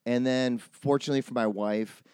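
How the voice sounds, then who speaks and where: A man's voice: medium pitch, fairly even intonation, normal speed, a little mellow, smooth, no echo. A middle-aged man co-hosting a podcast, telling a story in casual chat, acting out quotes and swearing freely. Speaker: podcast co-host.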